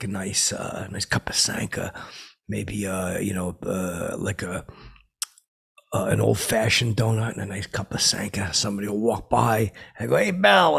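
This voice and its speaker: A man playing a self-important, washed-up comedian who hosts his own podcast from home, rambling in halting bursts full of fillers and restarts. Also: lowish voice, exaggerated voice. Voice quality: gravelly and raspy. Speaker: podcast host. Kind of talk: improvised comic character monologue.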